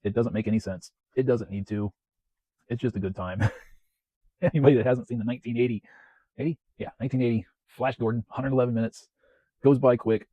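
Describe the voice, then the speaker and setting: A man hosting his weekly home-media vlog in a chatty, self-deprecating way, often clearing his throat. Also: medium pitch, dark tone, no echo, low-quality recording. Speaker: home media collector vlogger. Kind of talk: casual rambling vlog. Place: home, West Coast of the US.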